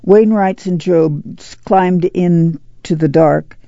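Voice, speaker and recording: A woman reading a novel aloud as audiobook narrator, steady and unhurried. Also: fairly low pitch, no echo, dull audio.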